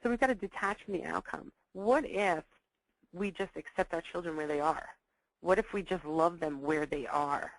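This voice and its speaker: A woman teaches parents about children's behavior in a recorded talk, and the sound is close and dry. She stresses key points by repeating them and slips into lively voices to act out scenes between parent and child. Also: on the low side, normal speed, no room sound, low-quality recording. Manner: acts out dialogues in lively voices.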